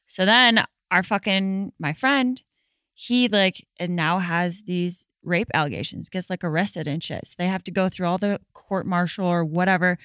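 A woman's voice: fairly low pitch, a bit bright, clear, resonant tone, no echo. A woman talking frankly and profanely in a casual conversation. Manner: frank, profane, quick commentary.

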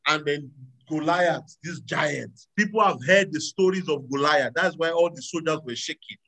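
A man preaching a sermon to a live audience, animated, swinging between loud exclamations and quiet asides. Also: a little high, moderate pace, vocal fry, rough recording. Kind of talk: sermon with audience call-and-response.

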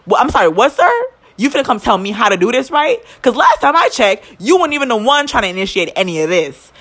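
A young woman, telling a story in casual chat as a podcast co-host, profane and quick to indignation. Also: on the high side, very animated, fairly bright tone, slight background noise.

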